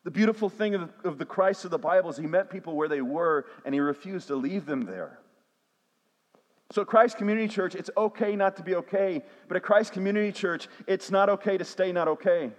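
A man's voice: high voice, brisk. A man, a pastor preaching a sermon with call-and-response refrains. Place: church sanctuary. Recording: long hall reverb.

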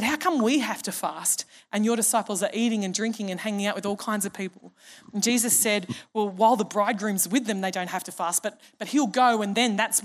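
A middle-aged woman pastor, preaching a conversational, humorous sermon and acting out the people in her stories. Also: mid-range voice. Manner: conversational and humorous, acts out quoted voices.

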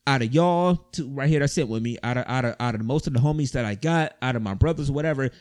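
A man's voice: medium pitch, fast talker, darkish tone. A man co-hosting a casual group chat, rambling and repeating his words as he makes his point. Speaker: podcast co-host.

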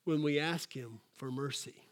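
A man preaching with an animated delivery and a slightly high-pitched voice. He acts out quotes in a raised voice, then drops to soft, quiet asides. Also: unhurried. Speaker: pastor. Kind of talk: sermon.

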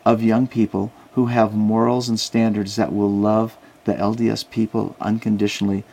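Gravelly man telling lively anecdotes. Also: fairly low pitch, moderate pace. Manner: animated anecdotes, acts out quoted voices. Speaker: guest, Christian outreach worker. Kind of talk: casual interview storytelling. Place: Salt Lake City.

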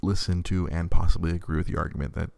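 A man's voice: deep voice, fairly even intonation, quick pace, vocal fry, dark tone, no room sound. A man in his thirties chatting casually as a podcast host, rambling with many stammered restarts and frequent laughs. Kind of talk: casual chat.

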